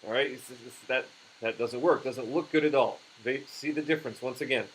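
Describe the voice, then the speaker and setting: Halting man teaching puppetry. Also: medium pitch, steady tone, a little hiss or hum, low-quality recording. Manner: halting, with frequent restarts and fillers. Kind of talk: instructional demonstration.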